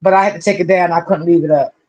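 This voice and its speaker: Rapid-fire yet steady, a medium-pitched voice greets livestream viewers by name one after another, lingering on each welcome. The host is warmly familiar, calling folks honey and baby, and the audio sounds dull.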